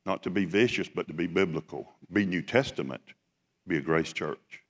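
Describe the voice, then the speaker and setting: A man's voice: low voice, moderate pace, husky. A man, a pastor preaching a sermon and telling a story in a folksy, plain-spoken way. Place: church sanctuary. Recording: long church hall reverb.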